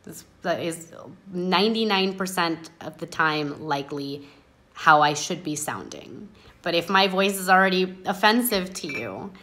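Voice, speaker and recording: A woman's voice: on the low side, sharp tone, slight background noise. A woman hosting a casual chat, talking with passion that she says people mistake for anger. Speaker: host.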